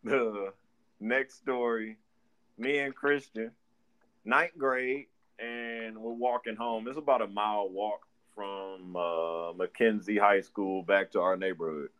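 A young man from Detroit co-hosts a casual podcast, speaking slowly in a voice on the low side. He's an animated storyteller who laughs often and acts out the quotes in his stories.

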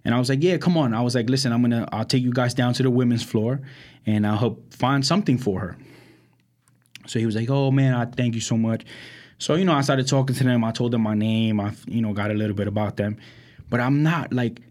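A young Brooklyn man who co-hosts a podcast tells stories in a loose, casual chat, his voice medium-pitched and fairly quick. He's an animated storyteller who acts out quotes and fills gaps with lots of "like" and "um."

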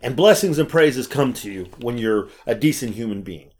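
A man telling stories in a casual chat, animated and swearing freely. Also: medium pitch, moderate pace. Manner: animated storyteller, acts out quotes, swears freely. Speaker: podcast co-host.

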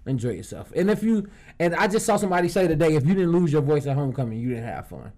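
A man's voice: on the high side, sing-song, quick pace, mellow. A man co-hosting a casual podcast, trading loose, slangy banter and slipping into playful voices. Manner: laid-back slangy banter, drifts into voices and accents. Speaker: podcast co-host. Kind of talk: casual chat.

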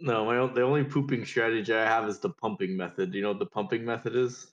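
A young man co-hosting a comedy podcast, tossing in blunt, deadpan remarks. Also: lowish voice, fast talker, muffled recording. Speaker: podcast co-host. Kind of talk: casual comedic podcast chat.

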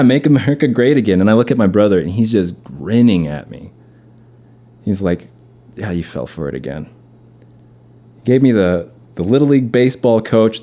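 Rambling man with a dark, low voice. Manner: rambling, storytelling, chuckling. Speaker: podcast host. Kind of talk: casual rambling commentary.

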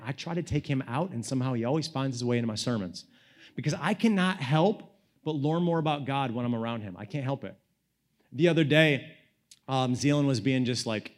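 A young pastor tells a personal story during his sermon, casual and animated, his volume swinging from loud to hushed. He speaks at a medium pitch and leans heavily on "like" and "you know."

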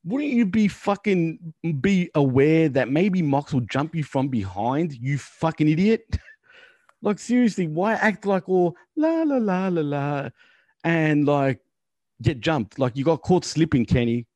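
A man's voice: fairly high pitch, lively intonation, a little slow, darkish tone, no room sound. A man co-hosting a casual wrestling chat, ranting and swearing in exasperation. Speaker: podcast co-host.

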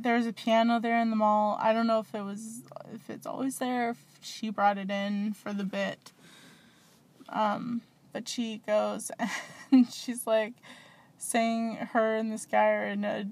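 A woman's voice: fairly high pitch, a little mellow, dry recording. A woman hosting a small podcast, rambling and gushing in casual chat with lots of fillers. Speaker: podcast host.

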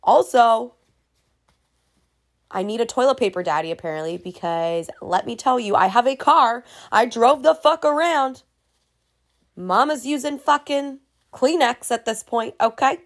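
A woman's voice: a little high, a little slow. A young woman casually ranting to camera in a vlog, profane and exasperated. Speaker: vlogger.

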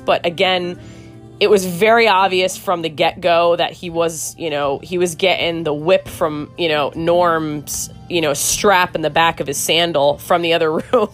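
A woman hosting a true crime podcast, giving outspoken, rambling commentary with swearing and many restarts. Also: lowish voice. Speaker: podcast host.

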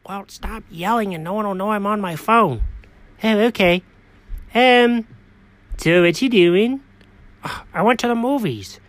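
A performer voicing a laid-back, evasive male family dog who answers quietly and offhandedly, in a one-person comedic audio story. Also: medium pitch, a little slow, pauses often, dry recording, close to an everyday voice. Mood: offhand.

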